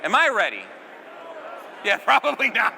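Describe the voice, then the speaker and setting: A man's voice: very high voice, very animated, normal speed, creaky, in a large hall, background noise. A man performing stage magic on a live stage, keeping up joking banter with a volunteer and the crowd.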